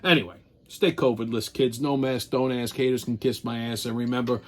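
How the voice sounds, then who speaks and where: A man hosting a weekly wrap-up show, ranting in crude, profane, mocking commentary that swings between loud outbursts and low grumbling. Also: fairly even intonation, brisk, background noise. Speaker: show host.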